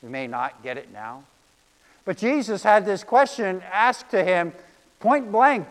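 A man's voice: sits high, very animated, a little slow, a bit bright. Earnest male pastor in a reverberant hall. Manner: earnest, storytelling, self-deprecating asides. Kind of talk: sermon.

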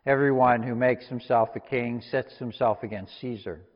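A man's voice: mid-range voice, steady tone, moderate pace, natural voice. A man reading angry accusing authorities. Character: hostile religious authorities, accusing crowd. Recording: long reverb, dull lo-fi sound.

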